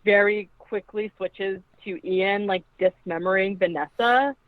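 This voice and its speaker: A woman's voice: mid-range voice, measured pace, no echo. Chatty woman on a tinny phone line. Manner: chatty, peppered with "like", acts out quoted lines. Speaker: podcast co-host. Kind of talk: casual film recap.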